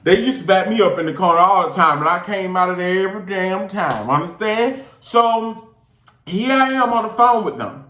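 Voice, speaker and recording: A man from Georgia with a Southern accent, casually telling a personal story with lively, slangy delivery and big swings in his voice. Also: high-pitched, moderate pace, echoey room, faint music behind. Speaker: show host.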